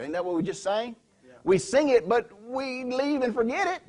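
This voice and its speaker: A man preaches in a church, pressing his points and throwing questions at the congregation. His voice sits high for a man and has a husky edge. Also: lively intonation, moderate pace, a little mellow. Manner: emphatic, asks the congregation questions. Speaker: pastor. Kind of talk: sermon. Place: church sanctuary.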